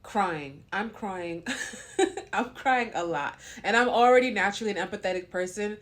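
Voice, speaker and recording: A woman's voice: mid-range voice, normal speed, a bit bright. A pregnant young woman talking to camera in a casual vlog, frank and long-winded. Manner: blunt and frank. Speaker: vlogger.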